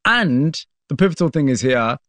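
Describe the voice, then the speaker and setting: A man's voice: fairly high pitch, sing-song, moderate pace, a bit bright, no echo. A man hosting an interview, asking probing questions and narrating parts of the story.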